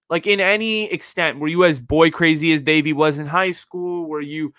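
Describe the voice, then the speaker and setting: A young man from the Bay Area talks his way through a casual podcast monologue. He circles back and repeats his points, padding them with "like" and "you know." His voice sits a little high with a bright, tight edge, and the recording is dry and close. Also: moderate pace, dry recording. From San Francisco Bay Area. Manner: rambling, repeats himself, heavy on "like" and "you know". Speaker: podcast host.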